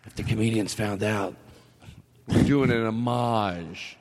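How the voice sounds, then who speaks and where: A man's voice: fairly low pitch, normal speed, dry recording. A man hosting a comedy podcast in loose, riffing chat, laughing often and trailing off mid-thought. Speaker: podcast host.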